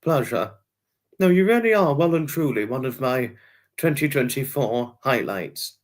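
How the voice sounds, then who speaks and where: Guy rambling on his livestream, saying hi to chat folks, mid-pitched voice. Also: lively intonation, unhurried. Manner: chatty, rambling, greets viewers by name. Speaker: livestream host.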